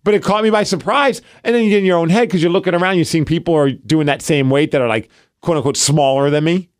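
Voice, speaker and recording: Man, thirties, casual chat, animated, lots of "like", higher pitch. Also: fast talker, no echo, clean studio sound. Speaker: podcast co-host.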